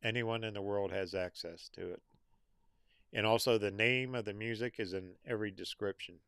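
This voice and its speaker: A man's voice: lowish voice, steady tone, normal speed, vocal fry, fairly bright tone, smooth, no echo, studio quality. A middle-aged American man hosting a casual livestream, reading out viewer names and comments in an easygoing, folksy way. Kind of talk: casual live chat.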